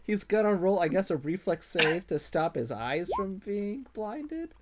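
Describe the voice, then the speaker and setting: A man's voice: high-pitched, sing-song, a little slow, background noise. A man narrating a tabletop game as game master, rambling casually with restarts. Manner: rambling, many ums and restarts.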